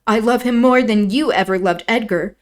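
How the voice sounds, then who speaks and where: A woman's voice: on the high side, normal speed, voice pushed up, lightly acted. A woman reading aloud, voicing a tearful, infatuated young girl who pleads in a raised, wounded voice.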